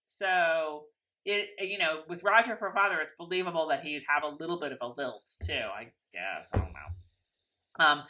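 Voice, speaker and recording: A woman co-hosting a casual TV recap, chatty and animated with plenty of fillers. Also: deep voice, moderate pace, noisy background. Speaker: podcast co-host.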